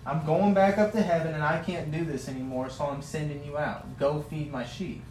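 A man preaching who voices a calm, gently insistent savior figure giving a charge, with the sound of a roomy hall. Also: a little high, moderate pace, distant mic, slight background noise, lightly acted. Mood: gentle.

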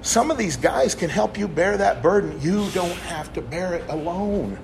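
A man's voice: high voice, moderate pace, creaky. A man in his forties giving a candid, rambling testimony sermon to young people, often stopping to restart his sentences. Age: 40s. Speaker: youth speaker. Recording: steady background noise.

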